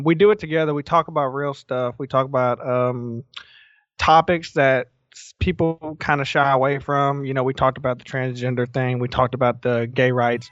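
A man's voice: mid-range voice, dry recording. Earnest Southern man on a dull line. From American South. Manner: earnest, halting, restarts phrases. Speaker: podcast guest. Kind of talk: casual podcast interview.

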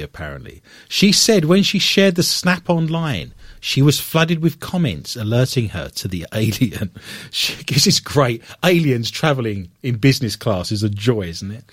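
A man's voice: medium pitch, sing-song, normal speed, few pauses, dry recording, studio quality. A man hosting a podcast, reading odd news stories and breaking into playful, self-mocking banter. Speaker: podcast host. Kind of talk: joking casual chat.

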